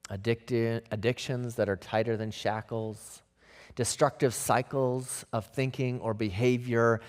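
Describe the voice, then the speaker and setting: A male pastor preaching a sermon emphatically, with rhetorical questions and repeated phrases. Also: mid-range voice.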